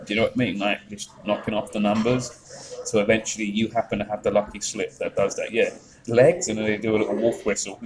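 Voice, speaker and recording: A man's voice: on the low side, little pitch movement, fast talker, poor audio. A man with a Yorkshire accent chatting on a live stream, rambling, swearing freely and reading out chat messages. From England.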